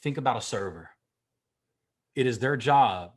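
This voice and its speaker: A man giving a motivational speech, emphatic and repetitive, with sudden swings in pitch and loudness. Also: lively intonation, measured pace. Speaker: motivational speaker.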